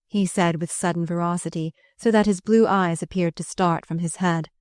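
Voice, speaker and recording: A woman reads a historical novel aloud in a measured, steady voice. Her pitch sits on the low side, and the close microphone gives a dry sound with no room around it. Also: clean tone, dry recording. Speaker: audiobook narrator. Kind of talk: scripted narration of a historical novel.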